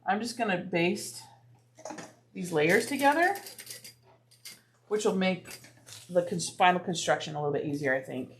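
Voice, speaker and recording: A woman's voice: on the low side, animated, normal speed, pauses often, a little hiss or hum. A woman hosting a live sewing stream from a home crafting room, chatting casually with viewers as she works. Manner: chatty, drops to soft asides, playful voices. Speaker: livestream host sewing bags.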